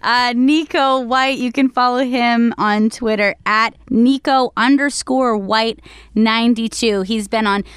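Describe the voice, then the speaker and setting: A woman's voice: on the high side, fairly even intonation, measured pace, a bit bright, clean tone, dry recording, clean studio sound. A woman co-hosting a comedy show, introducing comedians in an upbeat, playful way. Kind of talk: casual introductions.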